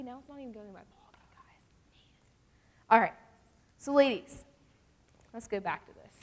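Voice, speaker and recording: A young woman gives a casual, animated devotional talk to a youth group. She often acts out the voices she quotes. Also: mid-range voice. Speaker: youth speaker. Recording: long reverb from a large hall.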